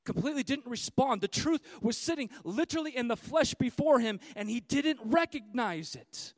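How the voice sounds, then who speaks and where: A man in his thirties preaching a sermon, swinging between loud, fiery declarations and hushed, quiet stretches. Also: very high voice, animated, moderate pace, no echo. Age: 30s. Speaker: pastor.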